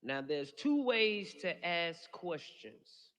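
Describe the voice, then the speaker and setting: A man's voice: on the high side, sing-song, slow, fairly bright tone. A man giving an impassioned funeral speech with a preacher-like cadence, addressing the family and mourners in a large hall. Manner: speaks with passion, preacher-like cadence. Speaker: eulogy speaker. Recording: long hall reverb.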